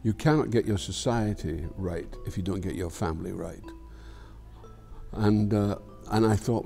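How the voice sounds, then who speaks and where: An older man with a Scottish accent, speaking in a low, gravelly voice. His tone is mellow and dark, and he rambles reflectively. He swears freely and without any fuss in a candid interview. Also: moderate pace, soft background music. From Scotland. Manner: frank and profane, swears freely. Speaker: actor being interviewed.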